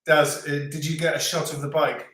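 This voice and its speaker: A middle-aged man, hosting a livestream and reading out viewer comments in a relaxed, chatty way with frequent laughs. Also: fairly high pitch, moderate pace. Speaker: livestream host. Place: home in rural France. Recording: echoey room.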